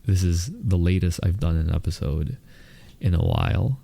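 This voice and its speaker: Lisping, gravelly man in his mid-thirties. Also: sits low, wildly swooping pitch, dark tone, dry recording. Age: mid-30s. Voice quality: lisp from wearing retainers. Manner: talks slowly and deliberately, with frequent fillers. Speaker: podcast host. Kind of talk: casual solo podcast chat.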